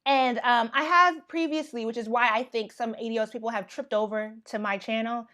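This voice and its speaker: A young American woman giving casual livestream commentary, thinking out loud with lots of fillers and restarts. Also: fairly high pitch, fairly even intonation, a little fast. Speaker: YouTube commentator.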